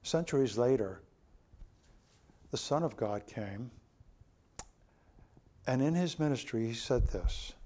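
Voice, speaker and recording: A man preaching a sermon, telling the story in an animated, exclamatory way. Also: mid-range voice, slow pace, long pauses.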